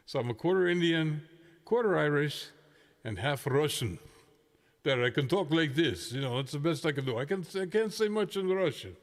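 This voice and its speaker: A man's voice: on the high side, animated, moderate pace, long pauses, long reverb tail. A man hosting a livestreamed amateur radio net, chatting casually and rambling with frequent chuckles. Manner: chuckling, rambling, self-deprecating.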